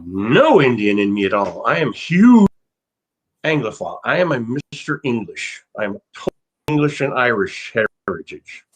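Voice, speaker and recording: An American man, an actor guest in a casual interview, telling rambling, self-mocking stories with bursts of loud laughter. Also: medium pitch, big pitch swings, moderate pace, slightly rough, poor audio.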